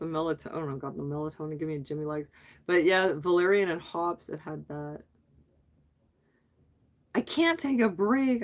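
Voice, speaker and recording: A middle-aged woman hosting a casual livestream, chatting with viewers and reading their comments aloud, asking questions back and laughing often. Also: lowish voice. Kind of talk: casual live chat.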